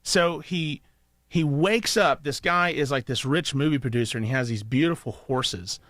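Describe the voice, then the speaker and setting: A man's voice: medium pitch, moderate pace, a bit bright, no echo, clean studio sound. A man, a show host chatting and telling stories in a rambling, chuckling way. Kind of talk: casual chat.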